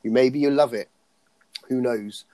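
A man's voice: mid-range voice, unhurried, mellow, no echo. Chatty man, dry close sound. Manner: chatty, restarts often, laughs easily. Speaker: podcast co-host. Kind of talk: casual banter about films.

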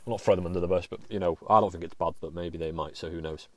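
A man's voice: sits low, fairly even intonation, rapid-fire, no echo. A man hosting his own podcast, talking casually and rambling with frequent restarts and casual swearing. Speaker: podcast host. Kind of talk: casual solo podcast monologue.

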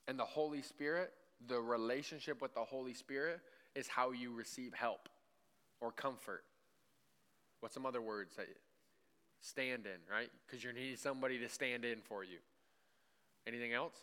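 A man preaching in a church, talking to the room like he's chatting with friends and checking in with "right?" every few lines. His voice is bright and forward, and it stays smooth and clear. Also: mid-range voice. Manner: conversational preaching with frequent "right?" asides; acts out imagined dialogue with God. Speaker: pastor. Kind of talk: sermon.

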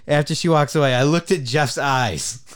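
Brief: podcast host, man, animated profane storyteller, dry close sound. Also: fairly high pitch, takes it slowly, no echo. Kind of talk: casual chat, storytelling.

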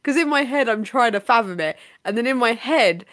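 A woman's voice: a little high, lively intonation, brisk, a bit bright, no echo, clean studio sound. A young woman co-hosting a podcast in casual chat, bubbly and jokey, often talking over her co-host.

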